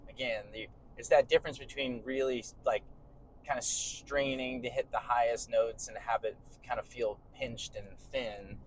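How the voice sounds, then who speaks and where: A man's voice: medium pitch, fairly even intonation, moderate pace, poor audio. Man talking over faint car noise. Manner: explains at length, hedging fillers. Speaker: podcast co-host and bandleader singer. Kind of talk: casual chat. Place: inside a moving car.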